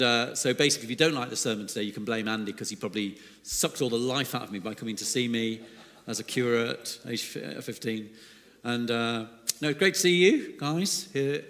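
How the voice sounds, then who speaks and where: A man's voice: mid-range voice, lively intonation, fairly quick, bright, forceful tone. A middle-aged man preaching a sermon as a guest speaker in a church, chatty and fond of self-deprecating jokes. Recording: long hall reverb in a church.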